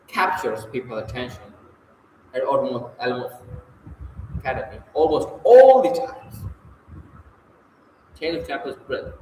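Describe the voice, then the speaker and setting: A man's voice: medium pitch, a little hiss or hum. A man reading and answering textbook exercises aloud, casual and correcting himself as he goes. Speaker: self-study reader. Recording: echoey room with faint ambience.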